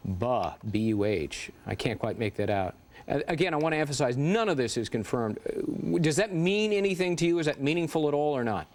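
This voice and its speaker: A man anchoring live breaking news coverage, asking probing questions that run long with restarts. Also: medium pitch.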